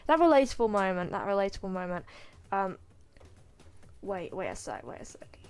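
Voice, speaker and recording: A woman's voice: medium pitch, sing-song, normal speed, darkish tone. A woman casually commenting over gameplay, rambling and joking with mock boasts and internet slang aimed at her chat. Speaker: gaming video host.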